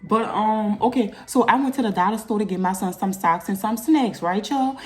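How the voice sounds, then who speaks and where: A young woman vlogger, telling a personal story in a casual storytime video, animated and jumping into loud high bursts when upset. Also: moderate pace.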